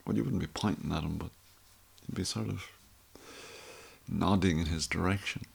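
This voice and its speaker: A man's voice: sits low, moderate pace, vocal fry, pauses often, husky. A middle-aged Irish man telling a rambling, wry story in a casual monologue. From Ireland. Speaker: vlogger.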